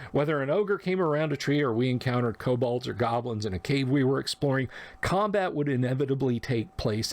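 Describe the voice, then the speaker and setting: A man's voice: mid-range voice, darkish tone. A man narrating a personal memory of his first tabletop game, acting out the quoted lines in between. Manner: reflective, acts out quoted lines. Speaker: podcast narrator. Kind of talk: storytelling memoir.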